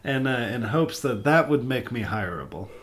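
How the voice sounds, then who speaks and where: Laughing young man telling stories. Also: mid-range voice. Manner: laughs often, animated storytelling, swears. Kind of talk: casual podcast chat.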